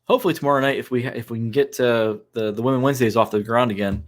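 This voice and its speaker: A man's voice: mid-range voice, rapid-fire. A man co-hosting a casual podcast discussion, giving instructive advice with frequent fillers. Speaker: co-host.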